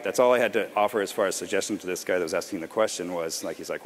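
A man giving a casual conference talk to designers, relaxed and rambling, often restarting his sentences. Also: lowish voice, quick pace, hardly any pauses. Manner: relaxed, rambling, self-correcting. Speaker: conference presenter. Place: large conference hall. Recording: long hall reverb.

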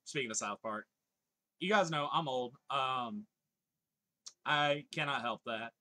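A man's voice: mid-range voice, measured pace, sharp tone. A man in his thirties streaming live, chatting casually, reading viewers' comments aloud and laughing often.

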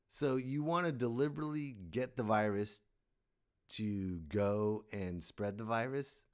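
A man's voice: fairly low pitch, measured pace, clean tone. A man hosting a comedy podcast, delivering a sarcastic, exasperated rant and laughing at his own jokes. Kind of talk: stand-up style comic rant.

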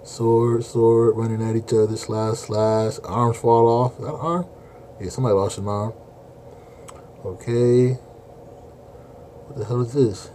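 A man's voice: mid-range voice, fairly even intonation, measured pace, pauses often, warm tone, a little hiss or hum. A man doing a casual live reaction, blunt and exasperated, swearing and saying "bro" constantly. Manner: slangy, swears a lot, keeps saying bro. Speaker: manga reaction streamer.

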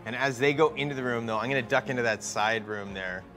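A man's voice: mid-range voice, fast, a bit bright, faint music behind. A man playing a tabletop game, playful and laughing often. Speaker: player.

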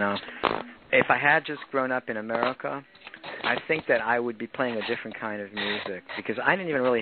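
A man who grew up in France, a guest musician chatting casually in an interview, rambling with lots of fillers. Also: mid-range voice. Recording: tinny phone-like line, faint noise.

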